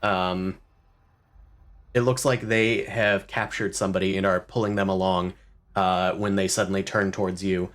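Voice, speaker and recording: A man's voice: low-pitched, level tone, moderate pace, a bit bright. A man acting as game master, loosely describing scenes and making rules calls. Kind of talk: running a tabletop game.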